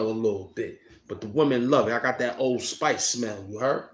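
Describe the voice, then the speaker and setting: A man's voice: medium pitch, moderate pace. A man hosting a casual outdoor live stream, boasting, rambling and slipping into freestyle rhymes. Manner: boastful, rambling, slips into rhyming chants. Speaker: livestream host. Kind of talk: casual livestream banter and freestyle rap. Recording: echoey with faint outdoor noise.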